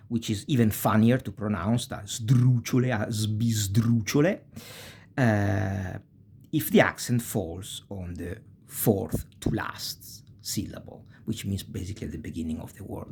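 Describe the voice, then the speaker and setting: Husky-voiced man teaching a language lesson. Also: lowish voice, a little mellow. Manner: checks in with the listener with short "eh?" and "okay?" tags; says Italian example words slowly and deliberately. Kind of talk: video lesson explanation.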